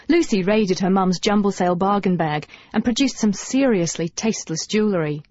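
A woman narrating a first-person novel in a lively, wry, humorous manner. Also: mid-range voice, brisk, hardly any pauses, dry recording. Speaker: audiobook narrator. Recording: dull dry audiobook recording.

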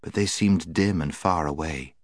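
A man narrating a storybook in a steady, measured way. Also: extremely low pitch, no room sound. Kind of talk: audiobook narration. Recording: dry close recording.

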